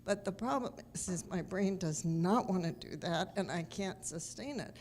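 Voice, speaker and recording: A woman's voice: on the low side, lively intonation, moderate pace, a little mellow, slight background noise. A woman audience member describing her own experience in a conversational way. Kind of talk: asking a question from the floor.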